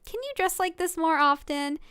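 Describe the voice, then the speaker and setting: A woman's voice: very high-pitched, moderate pace, sharp tone, no room sound. A woman reading aloud a sly, smitten teenage boyfriend in her own voice.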